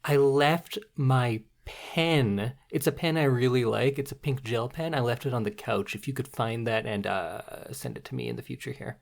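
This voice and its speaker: A woman hosting a podcast in casual chat, spinning absurd bits in a deadpan way. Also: extremely low pitch, normal speed, gravelly, hardly any pauses. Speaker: podcast host.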